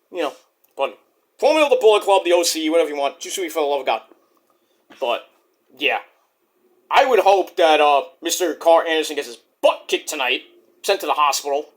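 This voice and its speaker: Bright, lively-voiced man chatting loosely. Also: fairly high pitch, fairly quick, long pauses. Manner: loose and profane, does voices of wrestlers. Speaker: wrestling predictions vlogger. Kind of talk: casual chat.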